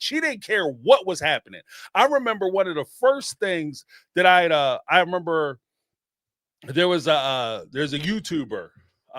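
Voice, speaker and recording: High, animated man on a dry mic. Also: no echo. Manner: animated, emphatic, repeats points for effect. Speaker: host of a reality TV commentary channel. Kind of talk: casual live commentary.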